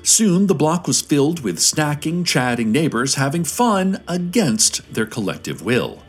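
A man delivering scripted radio news narration in a calm, deadpan manner. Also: a little high, a little slow, slightly rough, faint music behind.

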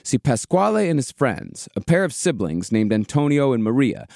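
A man with a mid-range voice, narrating a historical tragedy for a podcast in a steady, measured way. The sound is dry and close, with little room around it. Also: medium pitch, vocal fry, no room sound. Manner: measured storyteller with casual swearing. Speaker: podcast host.

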